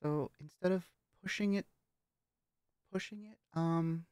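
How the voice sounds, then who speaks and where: A woman vlogger talking casually about her voice training, hesitant and halting, with frequent swearing. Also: on the low side, a little mellow, clear, resonant tone, no echo. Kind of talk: casual vlog commentary.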